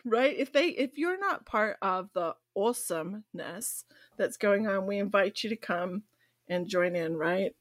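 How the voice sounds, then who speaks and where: A woman co-hosting a podcast in casual chat, bubbly and quick to laugh. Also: mid-range voice, lively intonation, dry recording, studio quality. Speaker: podcast co-host.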